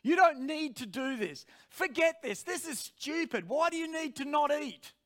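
A man's voice: high voice, lively intonation, brisk, fairly bright tone. A man voicing his own flesh as a whiny, demanding figure that pleads to be fed, in a sermon. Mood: pleading. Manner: pleading, insistent.

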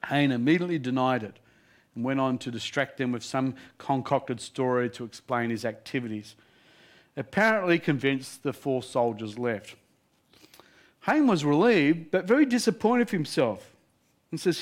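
Animated male preacher telling a story. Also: medium pitch, normal speed. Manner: lively, animated, laughing between lines. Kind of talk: sermon storytelling.

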